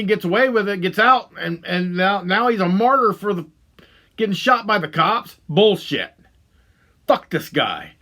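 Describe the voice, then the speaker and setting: A man hosting a podcast, delivering a profane, heated monologue that swings between loud outbursts and low muttering. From Ohio. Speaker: podcast host. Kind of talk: angry ranting monologue.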